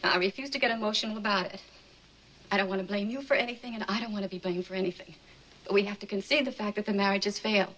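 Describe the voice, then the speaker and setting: A woman's voice: medium pitch, racing, a bit bright, lightly acted, poor audio. An actress playing a weary young pregnant wife who holds back her feelings in restrained, clipped lines, in a 1950s film drama. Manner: restrained, clipped, then pleading.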